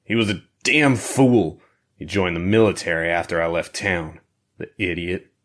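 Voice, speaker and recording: A man voicing a drugged, defiant male smuggler who mumbles his words slowly and strained. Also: sits low, fairly bright tone.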